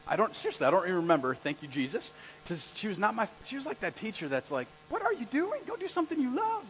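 A male pastor preaching a sermon with a husky voice, telling stories in an animated way and shouting out the lines he quotes. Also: sits high. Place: church hall. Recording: echoey hall.

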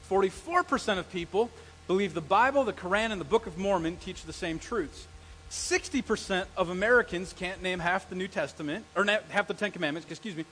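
A middle-aged male pastor preaching a sermon, telling stories and acting out the quotes with lively energy. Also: high voice, a little fast, slight background noise, poor audio. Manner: animated storytelling with acted-out quotes.

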